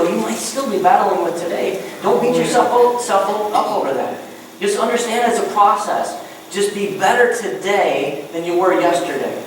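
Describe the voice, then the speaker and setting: A man preaching a sermon as a pastor, animated and acting out little scenes in different voices. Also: sits high, slight background noise. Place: church sanctuary. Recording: echoey church hall from far off.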